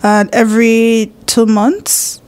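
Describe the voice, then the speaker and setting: A young woman from Nigeria, chatting in an interview in an expressive way with plenty of fillers and restarts. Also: a little high, takes it slowly. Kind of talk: casual interview chat.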